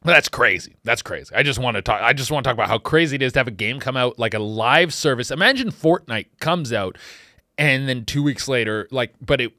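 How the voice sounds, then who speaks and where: A man hosting a comedy podcast, rambling casually and swinging between loud outbursts and quiet mutters. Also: mid-range voice, animated, brisk, no echo, studio quality. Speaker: podcast host.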